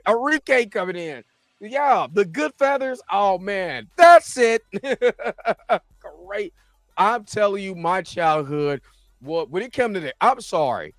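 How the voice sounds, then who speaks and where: Excitable man hosting a live chat. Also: high-pitched, no room sound, studio quality. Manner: excitable, laughs often, shouts when thrilled. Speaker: show host. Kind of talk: casual live-stream chat.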